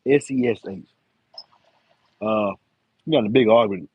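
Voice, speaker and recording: Husky-voiced man chatting live. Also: medium pitch, fairly quick, long pauses, narrow, tinny audio. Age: 50s. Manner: rambling, loose and talkative, full of slang. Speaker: live-stream host, enclosure builder. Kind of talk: casual live-stream chat.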